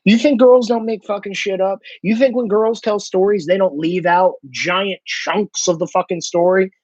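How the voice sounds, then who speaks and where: A man's voice: sits high, fairly even intonation, moderate pace, darkish tone, no room sound. A man hosting a ranting commentary monologue, profane and mocking, with a slightly dull lo-fi sound. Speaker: host.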